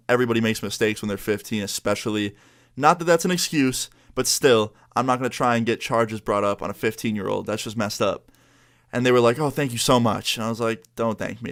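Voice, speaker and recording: A young man from New York, a YouTuber telling a story in a casual way and acting out what everyone said. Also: fairly low pitch. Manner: animated, acts out the other people's lines.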